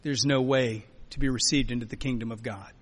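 A man preaching a sermon as a pastor, emphatic, swinging between loud urging and quiet, soft lines. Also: medium pitch, fairly even intonation, fairly quick. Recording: long hall reverb.

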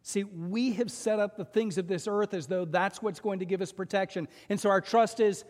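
Male pastor, fairly high voice, animated sermon delivery, echoing sanctuary sound. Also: moderate pace, few pauses. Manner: animated storytelling with voiced quotes.

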